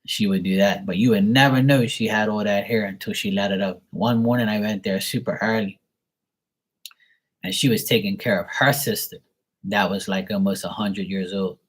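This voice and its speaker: Husky low-voiced man rambling. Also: steady tone, moderate pace. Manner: rambling, crude, filler-heavy. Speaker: tarot reader. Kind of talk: casual storytelling.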